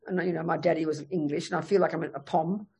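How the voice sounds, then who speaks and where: An Australian woman gives a Buddhist dharma talk in an animated, emphatic and frank way, telling stories as she goes. Her voice is low-pitched and breathy-edged with vocal fry, and she speaks at a quick pace.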